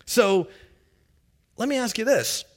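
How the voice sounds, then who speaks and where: A man preaching a sermon as pastor, conversational and animated, acting out little quotes. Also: sits high, takes it slowly.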